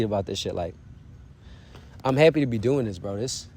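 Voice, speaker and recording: Fairly quick and darkish in tone, his mid-range voice carries a casual, motivational vlog. He speaks earnestly and encouragingly in loose slang, often tossing in "bro" and "you feel me" along with asides to whoever's watching.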